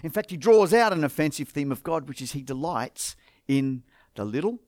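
A man's voice: a little high, animated, moderate pace, a little mellow, no room sound, clean studio sound. An Australian man preaching a sermon as pastor, firing rhetorical questions at the congregation.

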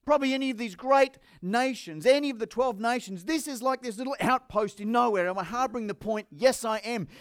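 Australian man, pastor, lively sermon, rhetorical questions, high-pitched, dry recording. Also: dry recording. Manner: animated preaching with rhetorical questions.

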